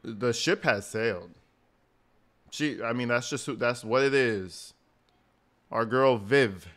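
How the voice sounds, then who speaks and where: A man's voice: medium pitch, slow pace, a bit bright. Slangy, mocking male commentator. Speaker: commentary host. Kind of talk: reaction commentary.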